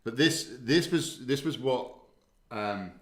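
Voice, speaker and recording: A male host chats casually, reading listener questions and tripping over restarts while he hunts for clips. His voice bounces around a roomy space at an ordinary middle pitch. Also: animated, slow. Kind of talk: casual podcast chat. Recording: roomy echo.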